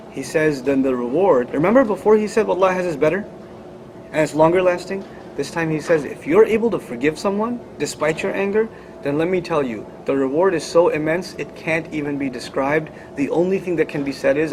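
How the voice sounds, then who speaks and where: Fast-talking, emphatic male Quran teacher. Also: on the high side, a little hiss or hum, rough recording. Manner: emphatic, rhetorical questions, rises sharply on key points. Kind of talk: recorded Quran lecture.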